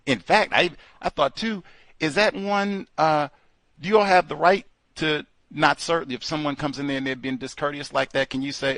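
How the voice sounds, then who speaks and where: A man's voice: mid-range voice, moderate pace, fairly bright tone, no room sound. A man hosting a call-in talk show, commenting casually and laughing as he acts out what people said. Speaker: radio show host.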